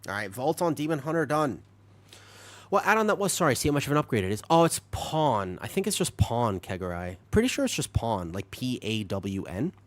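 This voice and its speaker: A man's voice: medium pitch, fairly quick, no room sound. A man streaming a game, chatting with his viewers and explaining things patiently while a little sick. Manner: explains patiently, lively and talkative, laughs often. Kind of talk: casual chat with stream chat while gaming.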